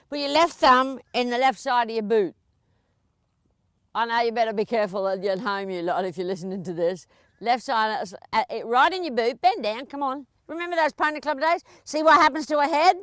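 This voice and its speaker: A woman's voice: high voice, moderate pace, a bit bright, no echo, studio quality. A woman riding instructor coaching a rider through a lesson at a horse arena, chatty and encouraging, with frequent laughs.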